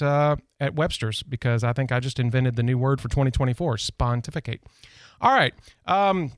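A man's voice: medium pitch, smooth, dry recording. A man hosting a local radio talk show in a studio, chatting casually and rambling through personal stories. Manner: chatty, rambling, self-deprecating. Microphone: studio microphone.

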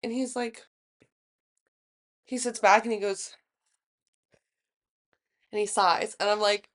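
A young woman co-hosting a podcast, telling a story in a casual, profane, animated way and acting out the quotes. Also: fairly high pitch, moderate pace, long pauses. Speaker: podcast co-host. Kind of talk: casual chat.

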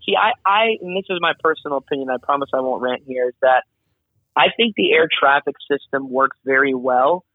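A man working as an air traffic controller, talking casually and animatedly as an interview guest, explaining his job with quick asides, heard over a remote call. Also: mid-range voice, dry recording. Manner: animated, chatty, acts out radio calls. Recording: tinny phone-like line.

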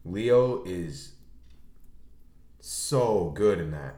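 A young man co-hosting a casual movie chat, animated and swearing a lot as he acts out scenes. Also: sits low, very slow, echoey room. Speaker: podcast co-host.

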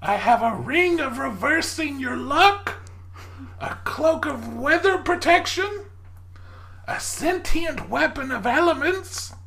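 A woman's voice: high voice, sharp tone, exaggerated voice. A woman voicing a cheerful, pushy female shopkeeper with a playful, salesy manner in a tabletop game. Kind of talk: tabletop role-play voicing.

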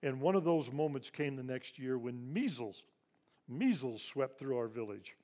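An older man in his sixties, raised in Ivory Coast, gives a heartfelt storytelling talk to a church crowd. His pitch sits in a middle range. His delivery is earnest, and he sinks to a soft, moved hush over the sad parts. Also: animated, normal speed. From grew up in Ivory Coast. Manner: earnest, hushed and emotional when recounting loss. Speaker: charity president speaking to a church audience.

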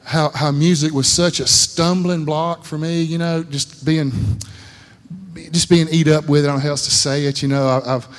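A man's voice: a little high, level tone, moderate pace. A man preaching a folksy sermon, rambling and repeating words, laughing at himself and acting out voices in his stories. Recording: long hall reverb.

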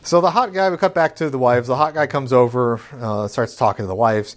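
A man casually recapping a movie plot in a chat, dry and steady with many fillers. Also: medium pitch, a little fast. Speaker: podcast co-host.

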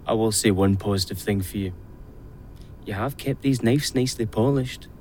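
A man's voice: on the low side, moderate pace, darkish tone, close to an everyday voice. An actor playing a cruel, self-pitying man who mockingly threatens a maid in a radio play. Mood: mocking menace.

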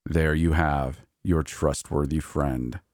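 A man voicing a sly, scheming male creature in a horror story, speaking slowly and mockingly. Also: rumbling low, steady tone, a little mellow, no room sound, clean studio sound. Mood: smug, scheming. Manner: slow, deliberate, mocking. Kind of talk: horror audiobook reading.

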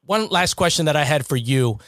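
A man's voice: a little high, expressive, brisk, no echo. A man hosting a podcast interview who speaks in an appreciative, thankful way. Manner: warm, appreciative, gives shout-outs. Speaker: podcast host.

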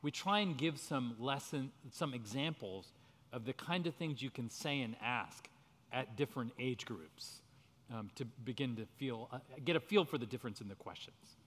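A man's voice: mid-range voice, animated, moderate pace, a bit bright. A man leading a church parenting workshop, speaking in an earnest teaching manner, often breaking into laughs. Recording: reverberant hall.

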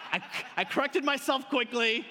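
A pastor preaching a sermon live, telling stories in an animated way, repeating words and swinging between loud and soft. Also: male voice, very high-pitched, moderate pace. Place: church auditorium. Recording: live in a church hall with long reverb.

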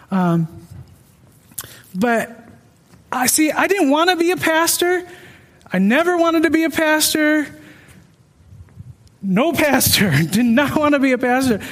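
Man with a very high voice, earnest and self-deprecating testimony, long reverberant hall. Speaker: speaker sharing a personal testimony. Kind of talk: personal testimony storytelling.

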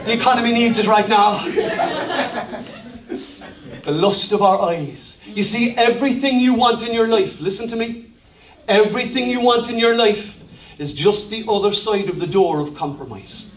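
A man with an Irish accent and a very high voice preaches in a lively, joking way, rising to shouts at high points. His voice rings through a roomy church and sounds set back from the mic. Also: normal speed, far from the mic, slight background noise. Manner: humorous, lively, shouting at climaxes. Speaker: pastor. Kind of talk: sermon.

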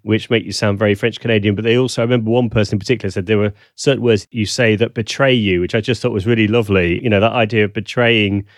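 Low-voiced southern English man, dry sound. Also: steady tone, quick pace, hardly any pauses, no echo. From south of England. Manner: warm, thoughtful, with frequent ums. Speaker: guest, language consultant. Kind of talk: casual interview chat. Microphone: video call.

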